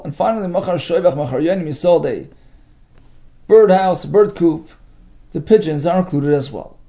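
A man teaching a Talmud text, reading out Aramaic phrases and explaining each in English, halting with many fillers. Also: a little high, creaky, dark tone. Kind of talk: text study lesson. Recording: dull lo-fi recording.

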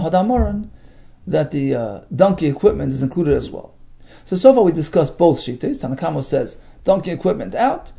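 A man teaching a Talmud text, reading out Aramaic phrases and explaining each in English, halting with many fillers. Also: sits high, gravelly, warm tone. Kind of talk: text study lesson. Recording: dull lo-fi recording.

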